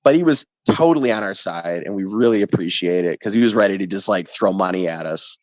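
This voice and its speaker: A man who plays in a ska band, a guest in a casual podcast interview, telling an animated story that is often profane. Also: low voice, fairly quick, no echo. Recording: dull lo-fi sound, dry.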